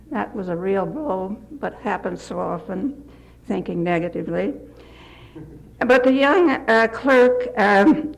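An older retired woman giving a gentle devotional talk, telling stories with occasional slips and restarts. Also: medium pitch, gravelly, low-quality recording. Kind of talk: folksy devotional talk with anecdotes.

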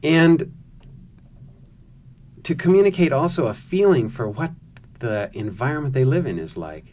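A man, an author, speaking thoughtfully about his writing and reading his own novel aloud in a measured way. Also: medium pitch, sing-song, darkish tone, highs cut off, a little hiss or hum.

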